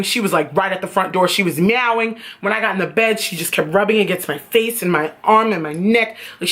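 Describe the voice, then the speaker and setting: A woman vlogger telling a casual storytime, animated and profane, often laughing. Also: mid-range voice.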